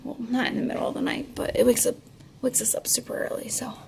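A young woman vlogging at home in casual chat, out of breath and talking in a breathy half-whisper. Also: a little high, flat delivery, fast talker, noisy background. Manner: rambling, chatty.

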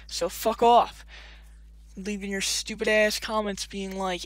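A man's voice: high voice, moderate pace, a bit bright, no echo, low-quality recording. A man doing a profane, defiant rant as a YouTuber addressing his viewers. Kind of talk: ranting vlog to camera.

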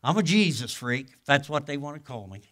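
An older man, a guest pastor, preaching a sermon in a folksy storytelling way, with casual grammar, swinging from loud exclamations to hushed asides. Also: on the high side, animated, a little fast. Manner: colloquial grammar.

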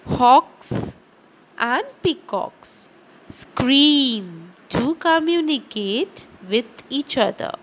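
Slow, lively-voiced woman teacher. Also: on the high side, low-quality recording. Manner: slow and deliberate, reads word lists aloud; addresses children directly. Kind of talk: slow classroom lesson.

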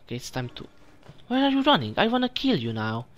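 A man's voice: sits high, wildly swooping pitch, fast, fairly bright tone, muffled recording. A man doing let's play commentary, taunting enemies and talking to himself as he plays. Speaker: gamer, let's play host. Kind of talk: gameplay commentary.

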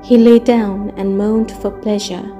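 Slow calm woman storyteller. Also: mid-range voice. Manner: calm, measured narration. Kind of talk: audiobook reading. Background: soft ambient music.

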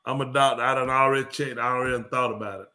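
A man's voice: mid-range voice, fairly even intonation, rapid-fire, pushed and bright. A man telling a rambling, slangy comic story to a live audience. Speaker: comedy show host.

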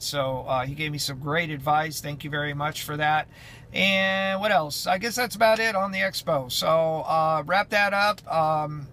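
A man's voice: a little high, sharp tone, slight background noise. A man who drives runs chatting casually in a vlog update, rambling with many fillers and restarts. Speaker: truck driver vlogger.

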